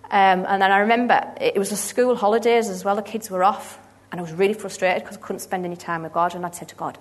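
A woman in her thirties giving a personal testimony at church, earnest and halting, with frequent restarts. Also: mid-range voice, fairly even intonation.

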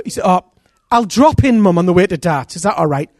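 A man's voice: high voice, brisk, no room sound, clean studio sound. A man preaching a sermon, telling conversion stories and acting out the people in them with repeated phrases. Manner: animated, acts out quoted voices, repeats phrases. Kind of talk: sermon storytelling.

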